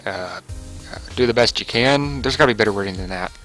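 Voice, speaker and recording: A man's voice: fairly low pitch, fast, a bit bright, faint music behind, poor audio. A young man giving casual, rambling commentary over a game he plays, chuckling and correcting himself as he goes. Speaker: gaming video commentator. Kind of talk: casual let's play commentary.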